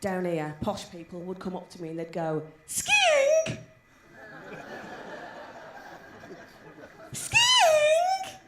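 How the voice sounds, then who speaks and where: A woman's voice: on the low side, steady tone, fairly quick. A woman in her forties with a West Midlands accent doing brash, swearing stand-up and teasing the crowd. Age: 40s. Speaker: stand-up comedian. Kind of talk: live stand-up with crowd work. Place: comedy gig venue. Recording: echoey live room with background noise.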